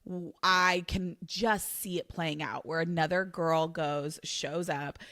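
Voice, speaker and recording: Gravelly, low-voiced woman telling a story. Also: slow pace, no room sound, studio quality. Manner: emotional, animated storytelling. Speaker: podcast co-host. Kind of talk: casual chat.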